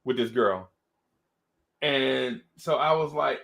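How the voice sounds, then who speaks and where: A man's voice: mid-range voice, slow, creaky, a bit bright. A man hosting a casual chat, rambling and slangy, with lots of restarts. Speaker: host.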